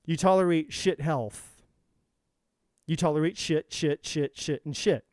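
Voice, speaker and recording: A man talks to his viewers as a tarot reader in a fierce, preachy monologue, swearing freely and repeating his lines for force. His voice sits a little high for a man. The sound is close and dry, with almost no room echo. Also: a little slow, a little mellow. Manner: intense, profane, preachy, repetitive. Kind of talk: motivational monologue.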